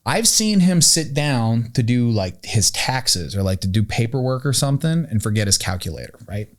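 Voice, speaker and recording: A man from Pennsylvania, a guest on a podcast, telling stories from his life in a casual, animated way with plenty of "um" and "uh.". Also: medium pitch, normal speed. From Pennsylvania, USA. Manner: animated anecdotes, acting out quoted voices with "um" and "uh" fillers. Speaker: podcast guest, company founder. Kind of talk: casual storytelling.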